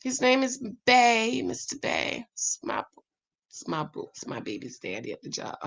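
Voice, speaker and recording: A woman's voice: fairly high pitch, wildly swooping pitch, normal speed, gravelly, fairly bright tone. A tired woman hosting a casual live stream, chatting with viewers and reading their comments. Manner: chatty, laughs often, talks to viewers as "babes" and "y'all". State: tired, winding down for bed. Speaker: YouTube host reading live chat.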